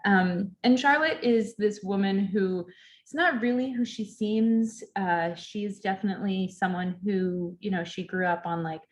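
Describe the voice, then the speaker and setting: A woman on the library staff chats about a book in a relaxed, conversational way. She talks at an everyday pitch, filling her sentences with ums and likes. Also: unhurried. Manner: chatty, many ums and fillers. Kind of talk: casual book talk. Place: library event, recorded online.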